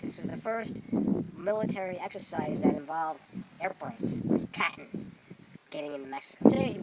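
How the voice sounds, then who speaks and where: A man's voice: high-pitched, creaky, recorded from a distance, very noisy, heavily acted. A man in character as a grandiose self-proclaimed real Mexican, lecturing and boasting in a rambling improvised comedy monologue outdoors among trees. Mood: storytelling. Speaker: vlogger in character.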